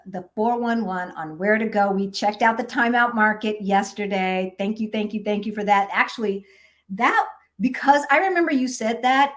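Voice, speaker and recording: A middle-aged woman hosts a relaxed live stream and talks to her viewers in an easy, chatty way. She laughs often, greets people by name and tells stories at a conversational pace. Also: medium pitch. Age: 50s. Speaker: vlogger reading live chat. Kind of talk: casual live-stream chat.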